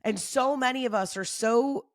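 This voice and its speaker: A woman's voice: high-pitched, normal speed, dry recording, clean studio sound. A woman hosting her own podcast, giving off-the-cuff motivational talk in an emphatic, fired-up way, swearing freely and repeating phrases for emphasis. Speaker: podcast host.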